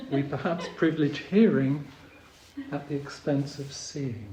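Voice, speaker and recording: A man giving a dharma talk as a Zen teacher, hesitant with many pauses and ums, gently humorous. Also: a little high, slight background noise. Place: retreat meditation hall. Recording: roomy hall with faint ambience.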